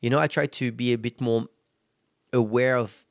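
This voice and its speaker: Gravelly-voiced man hosting a solo podcast. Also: medium pitch, steady tone, normal speed, no room sound, studio quality. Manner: conversational, self-reflective, frequent fillers. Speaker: podcast host. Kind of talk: casual solo podcast monologue.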